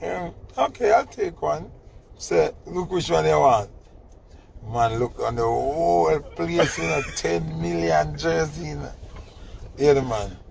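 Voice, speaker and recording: A man's voice: fairly high pitch, measured pace, gravelly, a little mellow, a little hiss or hum. A middle-aged man, telling a story in casual chat and teasing his son with laughing mock scolding.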